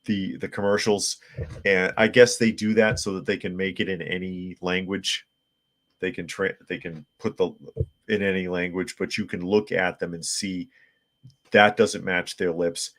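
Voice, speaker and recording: A man's voice: deep voice, flat delivery, a little slow, fairly bright tone. A man hosting a live podcast, reading viewer comments and news articles aloud with blunt opinions and frequent restarts. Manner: frequent restarts and filler words. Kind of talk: casual live-stream commentary.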